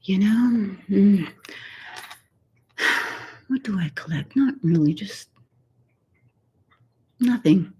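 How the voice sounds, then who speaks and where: An older woman hosting a soft-spoken ASMR live chat from her home, greeting viewers and often slipping into a whisper. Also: mid-range voice, lively intonation, husky. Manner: soft and unhurried, slipping into whispers while reading viewer comments. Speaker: ASMR host. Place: home, Texas.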